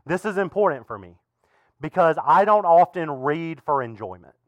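A man preaching a sermon as pastor in a relaxed, conversational way, with frequent asides to the congregation. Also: fairly high pitch, normal speed, no room sound, clean studio sound. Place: church.

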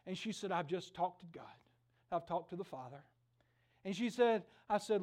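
A middle-aged man preaching a sermon, telling stories with lively acted-out voices. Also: high voice, moderate pace. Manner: animated storytelling, acts out voices in the stories. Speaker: pastor.

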